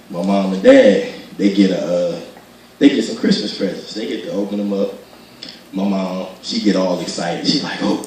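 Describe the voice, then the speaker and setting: A man doing stand-up storytelling, animated and acting out voices as he laughs through his jokes. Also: deep voice, slight background noise. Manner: animated, acts out voices, laughs while telling. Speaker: stand-up comedian. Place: gospel comedy show venue. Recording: echoey hall from far off.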